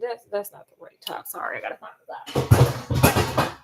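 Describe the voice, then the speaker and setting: A woman vlogging while she cooks, chatting casually in an animated, sassy way and acting out quotes. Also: mid-range voice, moderate pace, gravelly, heavy background noise. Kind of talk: casual chat while cooking.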